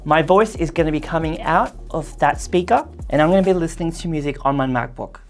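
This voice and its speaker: Low-voiced woman reviewing gadgets. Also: a little fast, faint music behind. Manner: chatty, loose, with frequent fillers. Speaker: tech product reviewer. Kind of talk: casual product review.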